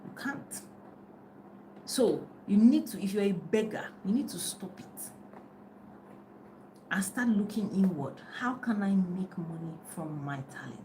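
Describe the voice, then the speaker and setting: A middle-aged woman who coaches in life and business talks casually on a phone live video, laughing and regularly losing her thread. Her mid-range voice is warm, with lively intonation at normal speed. The recording is low quality, with a little hiss or hum.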